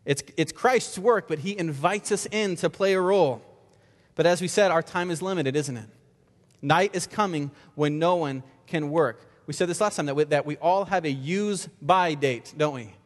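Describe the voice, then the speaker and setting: A man's voice: a little high, moderate pace. A male pastor giving an earnest sermon, often repeating words and asking the congregation rhetorical questions. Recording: long reverb of a large hall.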